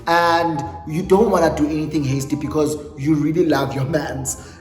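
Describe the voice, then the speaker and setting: A South African man spins a dramatic storytime for his channel, switching between English and Xhosa as he goes. His voice sits high for a man. The room is echoey with a long reverb tail, and faint music plays underneath. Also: moderate pace, hardly any pauses. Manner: animated, dramatic retelling, mixing English with Xhosa phrases. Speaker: YouTuber. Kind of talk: storytime vlog.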